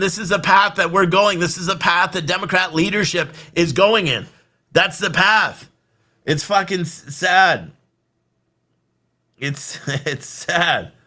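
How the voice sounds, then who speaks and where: A man's voice: high-pitched, pushed and bright. A young man hosting a political livestream, ranting in an angry, exasperated, profane way. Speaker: livestream host.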